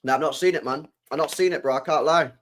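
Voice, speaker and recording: A young man hosting a casual football live stream, loose and chatty, full of slang, swinging from loud bursts to mumbles. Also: on the high side, fast talker. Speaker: football channel host.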